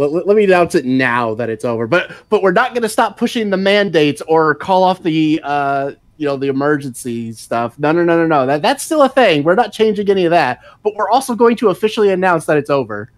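A man's voice: a little high, very animated, moderate pace, no echo, clean studio sound. A man in casual stream chat, ranting in a profane, rambling way and laughing often. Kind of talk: casual political rant chat.

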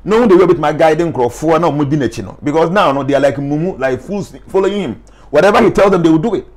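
Ghanaian guy talking big and emphatic in an interview, bit high pitched, drops twi words in. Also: expressive, fast. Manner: emphatic, mixes English with Twi phrases. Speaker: life coach. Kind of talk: animated interview talk.

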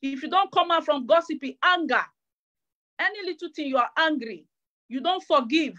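A woman's voice: high voice, expressive, moderate pace, fairly bright tone, dull audio. A woman preacher delivering a fervent sermon, repeating phrases with stammering restarts.

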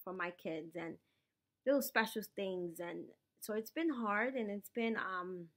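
A woman's voice: medium pitch, measured pace. A woman, vlogging at home after surgery, tired and sore, emotional and apologetic as she rambles. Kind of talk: casual personal vlog.

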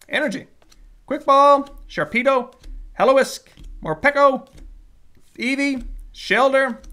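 A Canadian vlogger giving casual commentary while opening trading card packs, reading off card names and growing more excited on good pulls. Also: medium pitch. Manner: lively running play-by-play, lists card names.

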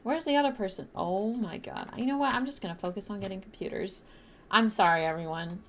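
A young woman streaming a game live, chatting bubbly with her viewers and teammates and bursting into loud shrieks. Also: mid-range voice, fairly quick, slight background noise. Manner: talks to chat and teammates while playing.

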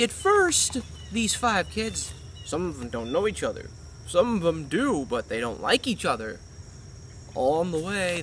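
A goofy man hosts a comic movie review in a high, bright voice. His pitch jumps around a lot as he jokes. Faint noise sits behind him. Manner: goofy, playful.

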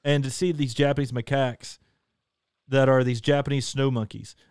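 A man's voice: medium pitch, steady tone, moderate pace, a little mellow, clear, resonant tone, no echo, studio quality. An earnest, enthusiastic man co-hosting a casual travel chat. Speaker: show co-host.

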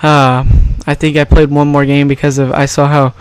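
A man's voice: a little high, little pitch movement, normal speed, clear, resonant tone, no room sound. A man giving casual, rambling and jokey commentary over a baseball video game. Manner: rambling, jokey, self-correcting. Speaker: gaming YouTuber.

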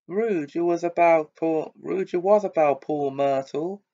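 A man's voice: on the high side, a little slow, warm tone, pitched above the performer's own voice. A man voicing a sly, taunting male poltergeist in a storybook reading, on a dull lo-fi recording.

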